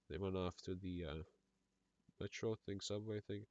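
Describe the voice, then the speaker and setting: A man's voice: low-pitched, normal speed, darkish tone, dry recording, muffled recording. Man with an Eastern European accent reading a script. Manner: reads all parts in one voice, stumbling over words and adding asides. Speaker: script reader. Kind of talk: comedic script read-through.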